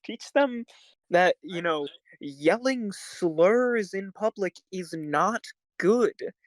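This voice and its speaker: Rambling teen podcast host, dry sound. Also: male voice, sits high, no echo. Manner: rambling, halting with many fillers. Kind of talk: casual chat.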